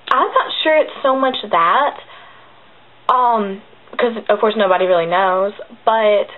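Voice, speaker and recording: A young woman, chatting casually to camera in a rambling way full of fillers. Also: a little high. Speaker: fan channel vlogger. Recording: tinny phone-like webcam audio.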